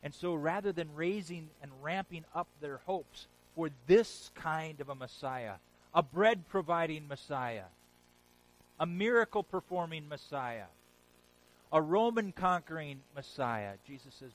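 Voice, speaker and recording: Male preacher, animated sermon delivery. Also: on the high side, a little slow, low-quality recording. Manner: animated storytelling, repeats phrases for emphasis. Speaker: pastor.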